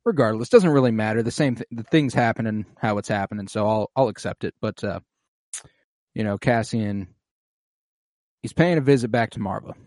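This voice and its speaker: A man co-hosting a podcast, casually recapping an episode with lots of swearing and animated retelling. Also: fairly low pitch, moderate pace, no echo, studio quality.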